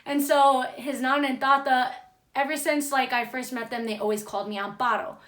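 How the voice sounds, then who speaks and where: A young woman's fairly high voice, relaxed and conversational. She tells a personal story to her viewers in a loose, chatty way and scatters "like" through almost every sentence. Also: brisk. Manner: chatty, heavy use of "like" fillers. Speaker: vlogger. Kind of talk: casual storytelling.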